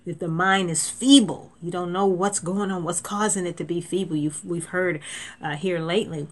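A woman's voice: lowish voice, steady tone, moderate pace. A woman preaching an informal sermon, conversational and emphatic, with frequent laughs and restarts.

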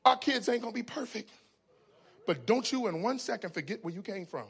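A man preaching a humorous, storytelling sermon. He is folksy and conversational, laughs often, and swings from shouts to hushed asides. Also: high voice, lively intonation, a little fast, creaky, husky.

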